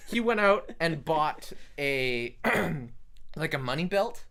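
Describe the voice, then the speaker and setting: A man's voice: on the high side, lively intonation, slow pace, creaky, pushed and bright. A man casually telling a funny family story to a friend, laughing often as he goes. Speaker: podcast co-host.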